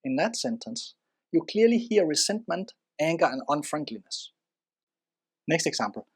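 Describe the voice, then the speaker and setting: Expressive lesson narrator, lively pitch. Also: normal speed, breathy edge. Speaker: presenter. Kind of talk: instructional narration.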